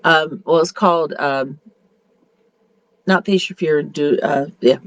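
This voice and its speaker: A woman's voice: low-pitched, slow pace. A woman beauty consultant talks to her group in a loose, chatty way. She sounds upbeat and often circles back mid-sentence to restart her point. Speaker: beauty consultant leading a meeting. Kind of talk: casual motivational talk.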